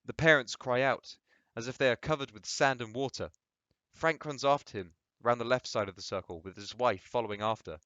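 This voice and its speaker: A man's voice: mid-range voice, a little fast, fairly bright tone, no echo, highs cut off. A man reading a play aloud, delivering the stage directions plainly and steadily. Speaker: reader.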